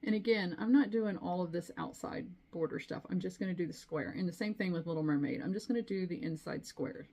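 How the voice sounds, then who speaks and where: A woman's voice: on the low side, brisk, hardly any pauses, mellow. A middle-aged woman chatting casually to camera as a cross-stitch vlogger, rambling with frequent asides. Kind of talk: casual chat.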